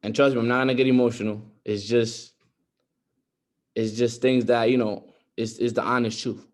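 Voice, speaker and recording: With a flat delivery at a moderate pace, this young man speaks in a mid-range voice. His motivational talk to a group call is earnest and repetitive, building toward emphasis.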